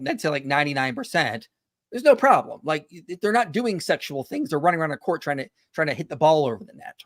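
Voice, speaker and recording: A man's voice: on the high side, a bit bright, no room sound, studio quality. A man in his thirties hosting a casual online panel discussion, talking loosely with many fillers and a dismissive tone. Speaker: host.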